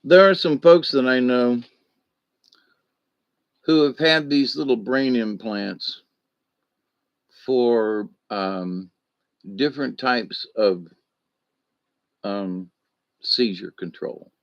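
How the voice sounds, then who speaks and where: A man chats on his own live stream, slow and unhurried, swearing and wandering through stories while he answers chat. The audio is dull and lo-fi, with a dry close sound. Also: mid-range voice, dry recording. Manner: rambling, profane, tells anecdotes with sound effects; reads and answers chat comments.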